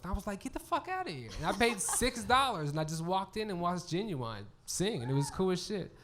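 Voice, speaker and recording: A man's voice: sits high, a bit bright. A man who is a stand-up comedian, chatting as a guest on a live stage, telling family stories and acting out quotes with plenty of swearing. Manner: laughing, acts out quotes, swears freely. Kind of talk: casual storytelling chat.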